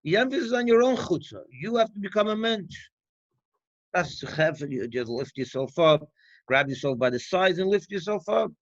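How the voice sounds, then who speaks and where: A rabbi delivers a farbrengen talk, his fairly high, lilting male voice moving through a teaching session in a loose, conversational style. He's animated and keeps a moderate pace, tossing out rhetorical questions and looping back to restart his thoughts. The audio is dull and dry, with no room sound.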